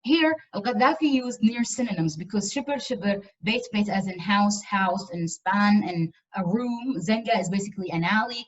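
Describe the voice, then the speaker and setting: Woman lecturer, earnest and emphatic, mid pitch, muffled video-call audio. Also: moderate pace, few pauses. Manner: earnest, emphatic with frequent repetitions. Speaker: university lecturer. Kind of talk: online lecture.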